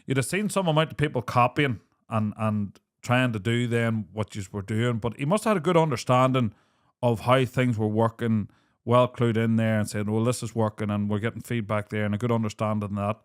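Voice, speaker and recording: A man's voice: fairly low pitch, fairly quick, smooth. A man hosting a podcast, asking long, rambling questions in casual chat. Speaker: podcast host.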